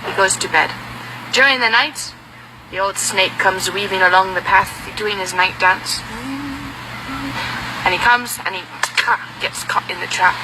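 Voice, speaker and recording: A woman telling a folk tale as an interviewee, in a lively storytelling manner. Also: mid-range voice, normal speed, noisy background. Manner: lively storytelling, slips into character voices.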